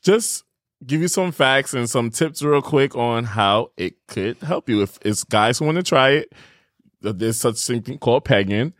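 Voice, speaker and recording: A man hosting a casual podcast chat, telling stories in an animated way and often breaking into laughter. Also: mid-range voice, a little slow, no echo, studio quality. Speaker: podcast host.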